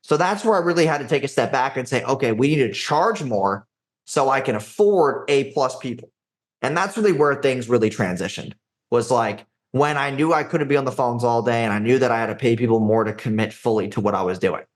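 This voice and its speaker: A man's voice: mid-range voice, fairly quick. A young man in his twenties, a guest on a podcast, telling stories in a brash, casual way, full of profanity and "dude" and "like". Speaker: podcast guest, agency founder. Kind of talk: casual storytelling interview.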